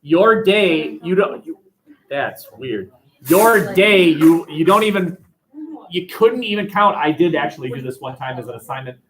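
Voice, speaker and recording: A man lectures his sociology class in an animated, lively way, and he often acts out the people he quotes. His voice sits a touch high for a man. He is speaking in a classroom. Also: a little slow, poor audio. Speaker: sociology teacher.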